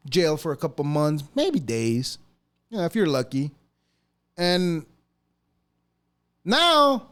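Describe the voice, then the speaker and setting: A man hosts his podcast with a loose, swearing, mocking rant. His voice sits high for a man and jumps all over the place as he gets worked up. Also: clear, resonant tone. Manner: profane, mocking, animated ranting with laughs. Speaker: podcast host. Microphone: podcast mic.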